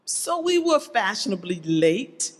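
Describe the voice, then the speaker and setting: Very animated yet a little slow, a medium-pitched preacher delivers a sermon to the congregation and presses them with pointed rhetorical questions. The church sanctuary adds a long hall reverb.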